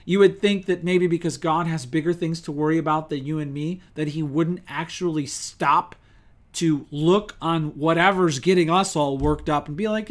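Lively conversational male preacher. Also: on the high side, moderate pace. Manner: lively, conversational preaching with rhetorical questions and acted-out quotes. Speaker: pastor. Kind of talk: sermon.

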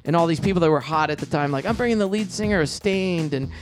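A middle-aged man telling stories in a casual interview, animated and quick, acting out quoted lines in a raised voice. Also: fairly high pitch. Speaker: comedian and show producer, guest. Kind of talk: casual storytelling in a podcast interview.

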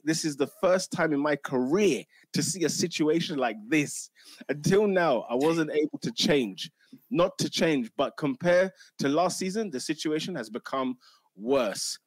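A man doing an impression of an exasperated, middle-aged Italian football manager, speaking halting broken English with an Italian accent. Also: on the high side, no echo, natural voice.

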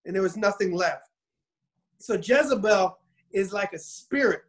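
A man casually retelling a Bible story in an animated, rambling way, often restarting his sentences. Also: high voice, unhurried, low-quality recording.

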